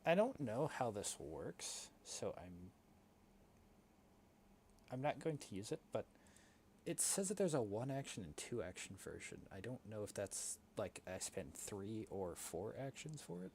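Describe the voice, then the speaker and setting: Male player with a lowish voice, casual and self-deprecating, faint room noise. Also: sing-song, measured pace, a little mellow. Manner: self-deprecating, thinking aloud. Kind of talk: casual tabletop game chat.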